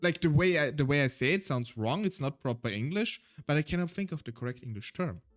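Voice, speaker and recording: A man's voice: a little high, lively intonation, brisk, faint music behind. A man with a German accent, a native German speaker, chatting casually on a solo stream in a rambling, self-deprecating way.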